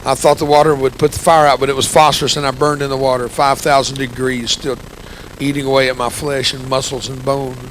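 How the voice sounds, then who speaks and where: A man in his sixties with a gravelly, grumpy-sounding voice, giving an impassioned, folksy testimony sermon with humor as a church guest speaker. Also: mid-range voice, level tone, brisk, fairly bright tone, a little hiss or hum, rough recording. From United States. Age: 60s. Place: church sanctuary.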